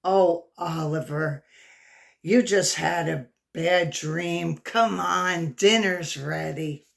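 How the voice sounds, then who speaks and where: A woman voicing a caring mother who gently soothes her son. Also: on the low side, takes it slowly, creaky, voice pushed down. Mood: soothing.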